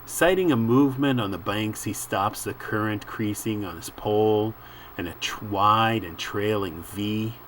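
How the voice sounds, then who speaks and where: A man reading a comic book aloud and musing over the panels in an unhurried way, with frequent filler words. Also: fairly low pitch, fairly bright tone, a little hiss or hum. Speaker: comic book reader and commentator.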